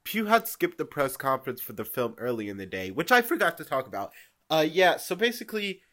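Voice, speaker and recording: A man's voice: mid-range voice, a bit bright. A man hosting a gossip commentary show, talking in a dramatic, sassy way and swearing often. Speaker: host.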